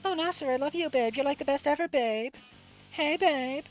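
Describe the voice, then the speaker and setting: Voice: high-pitched, moderate pace, faint music behind, pitched above the performer's own voice, natural voice. A streamer voicing a whiny, clingy teenage girlfriend in a game reading, nagging and repeating one pet name over and over.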